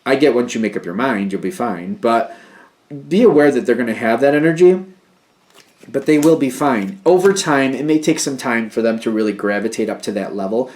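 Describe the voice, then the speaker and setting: A man's voice: medium pitch, lively intonation, a little fast, darkish tone. A man giving a casual tarot reading, rambling through hunches and talk of energies. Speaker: tarot reader.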